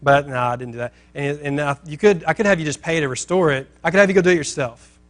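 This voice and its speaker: A man's voice: fairly high pitch, quick pace, natural voice. A man doing a reproachful landowner. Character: annoyed landowner lecturing boys, dry.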